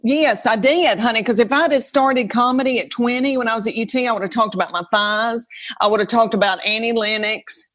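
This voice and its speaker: Fifties woman w/ a tennessee drawl, folksy comedian chatting, calls everyone honey, a bit high. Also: a little fast, a bit bright. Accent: Tennessee Southern. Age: 50s. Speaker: podcast co-host and comedian. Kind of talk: casual chat.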